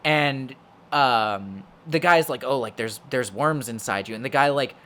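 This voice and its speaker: A man's voice: mid-range voice, a little slow, fairly bright tone. Rambling young man reviewing a movie. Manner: rambling, filler-heavy, swears freely. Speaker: podcast co-host. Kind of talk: casual movie review chat.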